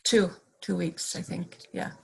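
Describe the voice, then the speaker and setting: A woman guest on a podcast, speaking candidly and a bit haltingly about her own growth. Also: fairly low pitch, steady tone, gravelly, husky, poor audio. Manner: candid, searching, many fillers. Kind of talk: candid personal chat.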